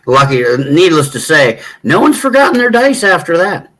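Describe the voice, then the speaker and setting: A middle-aged man chatting casually with viewers from a hotel room, rambling and halting, often clearing his throat. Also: on the high side, very animated, pushed and bright, rough recording. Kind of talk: casual chat.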